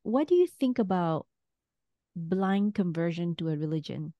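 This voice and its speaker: A woman's voice: fairly low pitch, expressive, a little slow, mellow, no room sound, highs cut off. A woman in casual conversation, thinking aloud and hedging her opinions about a reality show. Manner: thoughtful, hedging, laughs often.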